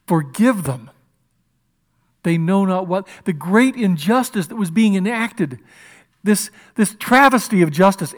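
High-voiced man preaching with passion. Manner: impassioned preaching, swings between loud and hushed. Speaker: pastor. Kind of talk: sermon.

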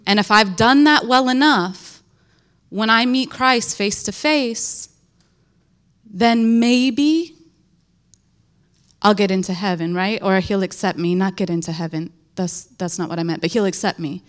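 A woman giving a personal faith testimony, earnest and halting, with lots of "like" and restarts. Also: medium pitch.

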